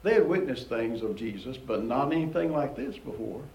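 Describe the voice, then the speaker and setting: The audio is muffled and the room echoey as a man, talking at a moderate pace, works through scripture in an easygoing teaching. He keeps it conversational, chuckles a lot, and rises in pitch when animated.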